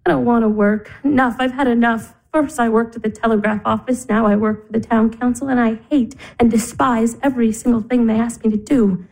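A woman's voice: a little high, fairly even intonation, a little fast, a little mellow, low-quality recording. An actress in her twenties playing a weary, tearful young woman in despair, sighing and weeping. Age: 20s. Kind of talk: stage drama acting.

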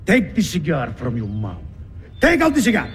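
An actor with an Italian accent playing a hot-headed truck driver who talks in broken English and breaks down sobbing. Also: male voice, on the high side, huge pitch swings, moderate pace, slight background noise. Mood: angry. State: crying. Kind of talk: film drama acting.

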